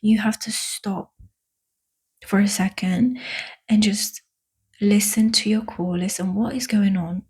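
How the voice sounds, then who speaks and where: A breathy, husky-edged woman speaks straight to her viewers in a casual self-help vlog. English is not her first language, and her phrasing halts and restarts as she draws out the words she wants to stress. She calls her listeners "my love" with earnest affection. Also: medium pitch, steady tone, darkish tone. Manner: halting, with restarts and drawn-out emphatic words. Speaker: vlogger. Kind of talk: casual spiritual self-help talk to camera.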